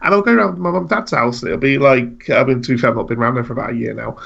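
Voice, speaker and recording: A man rants in a casual podcast chat, his voice gravelly with a husky, rough edge. He scatters filler words as he complains. The recording sounds dull and lo-fi. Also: mid-range voice, rapid-fire, a bit bright. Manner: ranting, many fillers like "like". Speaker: podcast co-host.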